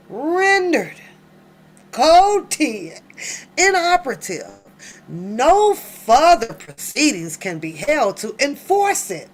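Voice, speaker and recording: Laughing, animated woman reacting to a legal filing. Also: high voice. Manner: animated, laughs often, exclaims to her audience. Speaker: reaction channel host. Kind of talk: casual reading and reaction commentary.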